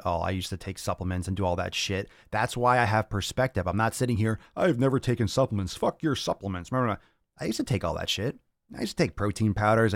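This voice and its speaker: A man's voice: fairly low pitch, no echo, studio quality. A man hosting a casual fitness podcast, blunt and crude, joking and repeating himself as he rambles. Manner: repeats phrases, restless rambling delivery. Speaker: podcast host.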